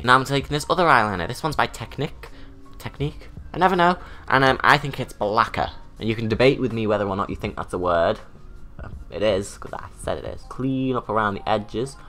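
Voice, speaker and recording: A man's voice: fairly low pitch, sharp tone. A young British man and drag artist, chatting casually through a makeup tutorial with camp, self-mocking asides. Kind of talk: chatty get-ready-with-me tutorial.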